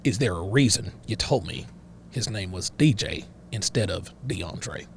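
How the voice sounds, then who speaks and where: A man voicing a bigoted, stern middle-aged backwoods father with a slow, drawling rural Southern accent and a lecturing manner. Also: sits low, animated, vocal fry, slight background noise, pitched below the performer's own voice, heavily acted. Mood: stern, interrogating. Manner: lecturing, interrogating, self-righteous. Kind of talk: improvised character voice on a livestream.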